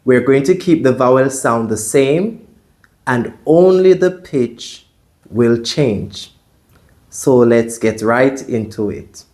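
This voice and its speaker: A male Mandarin teacher speaks at a very slow, measured pace, leaving long pauses as he walks through the tones one by one. His voice sits at an ordinary middle pitch, and he models each sound carefully. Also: expressive. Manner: deliberate, models tones out loud. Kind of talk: slow, careful pronunciation lesson.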